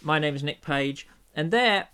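A man's voice: fairly high pitch, expressive, unhurried, pushed and bright, smooth. A tired man hosting a casual podcast chat from an old house, with dry, wry humour and hesitant fillers. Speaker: podcast host.

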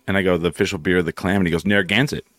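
A middle-aged man hosting a casual talk show, telling animated anecdotes and swearing freely. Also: deep voice, very fast, dry recording, studio quality. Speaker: podcast host. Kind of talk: casual chat, storytelling.

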